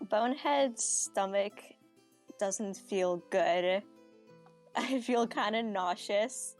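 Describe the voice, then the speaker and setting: A woman describes her character's actions in a tabletop game, speaking very slowly and deliberately at a middle pitch. Faint music plays underneath. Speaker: player. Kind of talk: casual tabletop role-play.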